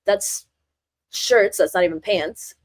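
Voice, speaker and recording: A young woman co-hosting a podcast, chatting in a relaxed way at one steady volume. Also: medium pitch, takes it slowly, no echo. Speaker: podcast co-host. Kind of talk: casual chat.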